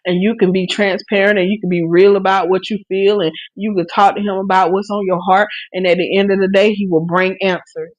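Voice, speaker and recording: A woman's voice: medium pitch, flat delivery, fairly quick, hardly any pauses, no echo, lo-fi sound. A woman hosting a live stream, preaching earnestly about faith and grief, with many restarts. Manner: speaks to listeners directly with encouragement. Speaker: podcast host on a live stream. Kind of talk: preaching testimony.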